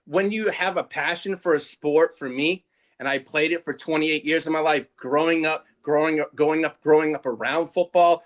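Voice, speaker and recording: A man's voice: fairly high pitch, moderate pace. A man co-hosting a watch party, rambling in casual chat. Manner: rambling, restarts a lot. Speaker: co-host.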